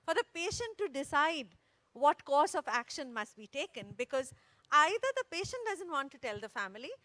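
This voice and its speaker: Woman, panel moderator, high lively voice, dry close sound. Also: normal speed, no echo. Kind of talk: interview questions. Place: festival stage.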